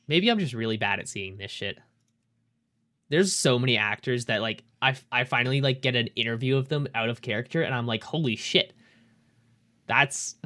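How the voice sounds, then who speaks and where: A man's voice: mid-range voice, pushed and bright. A young man streaming a game, chatting loosely with his viewers and swearing casually. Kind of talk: casual live-stream chat while gaming.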